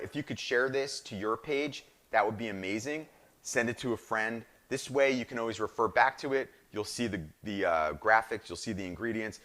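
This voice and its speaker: This cooking-show chef is a middle-aged man from northern New Jersey whose accent comes through as he leads a live demonstration and chats excitedly with viewers. His voice sits on the low side with a slightly bright quality.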